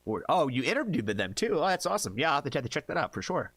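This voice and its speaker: A man's voice: on the high side, big pitch swings, rapid-fire, a bit bright, husky, no echo. A man from the United States hosting a casual livestream, chatty, laughing often and tripping over hard names. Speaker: livestream reaction host.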